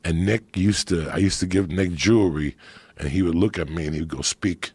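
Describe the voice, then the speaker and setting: A middle-aged man telling animated, profane stories in casual chat on a podcast. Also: low voice, brisk, slightly rough, no room sound. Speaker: podcast guest storyteller.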